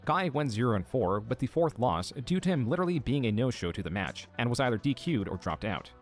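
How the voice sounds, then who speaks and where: A man narrating a commentary video in a measured, scripted read, quoting posts. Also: mid-range voice, big pitch swings, soft background music. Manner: measured, reads out quotes.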